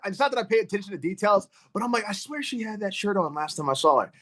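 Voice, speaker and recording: A man from Virginia hosts a casual podcast chat over a video call. His pitch swings widely as he teases his guest and trips over quick restarts. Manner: animated, teasing, quick restarts and stammers. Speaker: podcast host.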